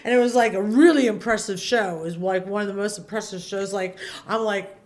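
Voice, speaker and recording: A woman guest telling stories in casual chat, animated and laughing, acting out her own panicked quotes with loud high yelps. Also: brisk. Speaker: podcast guest, former feature dancer.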